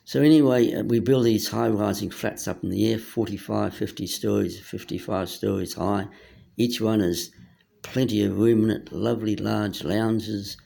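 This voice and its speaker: A man's voice: lowish voice, steady tone, moderate pace, creaky, warm tone. A man giving a meandering, hesitant monologue that keeps losing its thread. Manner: meandering, hesitant, loses his train of thought. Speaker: speaker. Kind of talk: rambling monologue.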